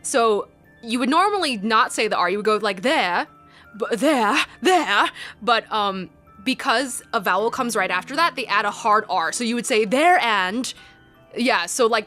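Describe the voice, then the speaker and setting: A woman playing a video game and chatting about it, excitable and chatty. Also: a little high. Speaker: let's player. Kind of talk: game commentary.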